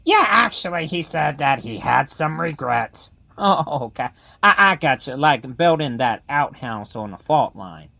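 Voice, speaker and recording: Gravelly, slow-talking woman horror host. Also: sits low, lively intonation, bright, forceful tone, no room sound, low-quality recording. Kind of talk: horror comedy radio play.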